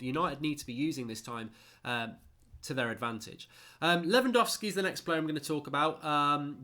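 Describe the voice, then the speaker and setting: Blunt, tired football host. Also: male voice, medium pitch, fairly bright tone. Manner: blunt, opinionated, chatty. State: tired, yawning. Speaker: football channel host reading viewer comments. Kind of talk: casual live-stream chat.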